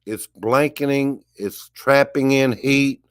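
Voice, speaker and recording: A man's voice: mid-range voice, takes it slowly, clear, resonant tone. A man giving a casual monologue rant to the camera, emphatic and repetitive, with a preachy tone. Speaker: vlogger.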